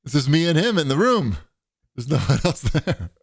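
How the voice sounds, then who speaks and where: A man's voice: fairly high pitch, moderate pace, breathy edge, no echo, clean studio sound. A man co-hosting a podcast in casual chat, telling long rambling stories and raising his voice when he quotes other people. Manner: rambling storyteller, animated when quoting others. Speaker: podcast co-host.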